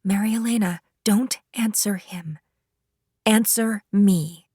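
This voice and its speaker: A woman voicing a female prosecutor who questions a witness in a measured, gentle way, in an audiobook. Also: medium pitch, dry recording, studio quality, pitched above the performer's own voice, lightly acted. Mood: probing.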